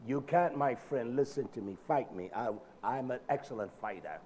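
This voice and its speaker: A male preacher giving a sermon in a dramatic, colloquial manner, swinging from shouted lines to low murmurs. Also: expressive, normal speed, a little hiss or hum.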